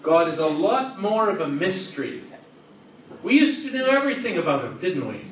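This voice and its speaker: A man's voice: high voice, big pitch swings, moderate pace. A man giving an interactive sermon to a live audience, playful and joking as he questions people in the room. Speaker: preacher. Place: large hall with a live audience. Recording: echoey hall, distant, noisy.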